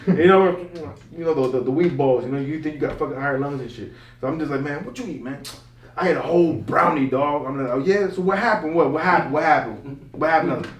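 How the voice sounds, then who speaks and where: A young man telling a story in casual chat with friends. He is animated and slangy, swears a lot and laughs as he talks. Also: on the high side, quick pace. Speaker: podcast co-host. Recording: echoey room, mic at a distance.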